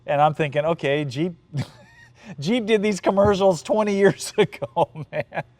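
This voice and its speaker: A man hosting a podcast in a casual monologue, often laughing and mocking quotes in a deep announcer voice. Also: a little slow, darkish tone. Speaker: podcast host.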